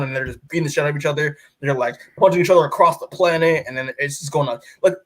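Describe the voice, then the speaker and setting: A man's voice: on the high side, fairly even intonation, racing, hardly any pauses, fairly bright tone. A man co-hosting a podcast, casually recapping a comic book in a rambling way full of fillers, often acting out the characters' lines. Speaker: podcast co-host.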